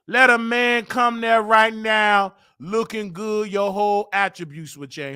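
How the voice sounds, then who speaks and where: Loud teasing high-voiced male host. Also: moderate pace, hardly any pauses, smooth. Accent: Southern US. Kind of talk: comedic live-stream rant.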